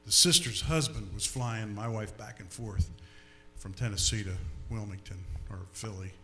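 A man giving a storytelling testimony before an audience, animated and often repeating his words. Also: on the low side, normal speed, soft background music. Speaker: speaker giving a personal testimony.

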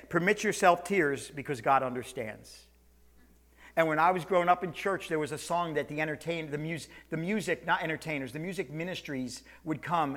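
A man preaching a sermon to his church, swinging between loud calls and quiet, slow lines. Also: fairly high pitch. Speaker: pastor. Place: church sanctuary, also streamed online.

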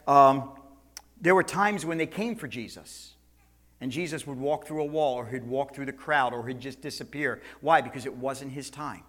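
A male pastor preaching a sermon, swinging between loud, high passages and soft, low ones.

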